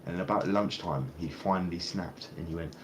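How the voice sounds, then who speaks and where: A man's voice: low voice, normal speed. A young man rambling in a casual street interview, swearing a lot and restarting his sentences. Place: outdoors on a street. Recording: noisy street ambience.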